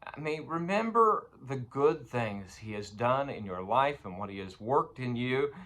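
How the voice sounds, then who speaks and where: Male preacher, slow deliberate delivery, bright forceful tone, halting sermon style. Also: mid-range voice, animated. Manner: slow and halting, many fillers, rising louder on scripture.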